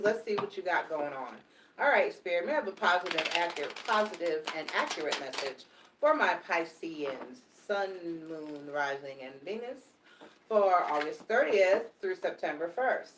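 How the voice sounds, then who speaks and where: A woman giving a live tarot reading, animated and repetitive, speaking straight to her audience. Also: lowish voice, echoey room, far from the mic, a little hiss or hum. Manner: animated, repetitive, swears casually, talks to the audience directly. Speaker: tarot reader.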